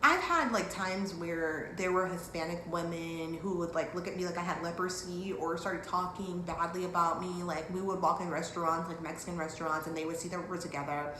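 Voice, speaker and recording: A woman from Dallas telling a story in a casual vlog, animated and acting out what people said. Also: fairly quick, few pauses. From Dallas, Texas. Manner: animated, acts out quotes with big pitch jumps. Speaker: vlogger. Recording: echoey room with faint background hiss.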